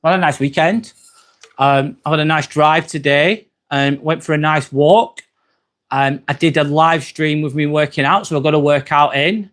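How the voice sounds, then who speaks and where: This English host's voice sits on the high side as he runs a relaxed live stream from his phone at a normal pace. He chats loosely, reads out viewer comments, and lets the occasional curse slip between his ums.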